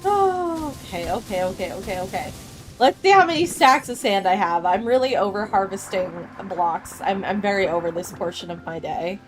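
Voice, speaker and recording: A woman in her thirties chatting casually with her chat while streaming a game, bubbly and quick to laugh. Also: medium pitch, expressive, music in the background. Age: 30s. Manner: giggly and bubbly, laughs often.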